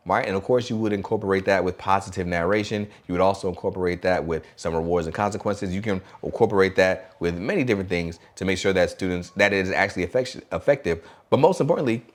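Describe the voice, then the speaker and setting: A man hosting a podcast for new teachers, talking in an energetic, animated way and acting out classroom call-and-response chants. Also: low-pitched. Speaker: podcast host and teacher trainer.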